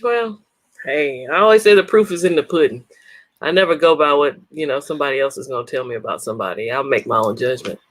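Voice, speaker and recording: Expressive woman co-host of a tech podcast. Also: very deep voice, quick pace, dry recording. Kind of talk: casual tech podcast chat.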